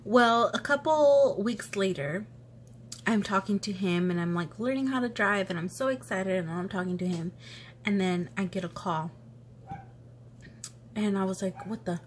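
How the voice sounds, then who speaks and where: A woman's voice: mid-range voice, slight background noise. Chatty young woman with allergy sniffles. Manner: chatty, animated retelling with quoted voices. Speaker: vlogger. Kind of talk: casual story time chat.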